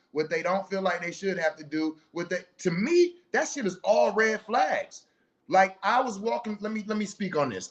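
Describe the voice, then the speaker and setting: A fairly high-voiced middle-aged man hosting a casual talk show, holding forth bluntly with lots of swearing. He lectures like a preacher and drops into stories from his own household. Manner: blunt, profane, preachy, storytelling. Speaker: podcast host. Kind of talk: casual monologue, commentary.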